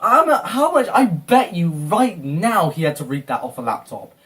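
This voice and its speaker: Brief: male reactor, fed-up sweary rant, very animated pitch, slightly distant mic. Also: moderate pace. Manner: exasperated, repeatedly insulting and swearing. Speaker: video reactor. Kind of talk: ranting reaction commentary.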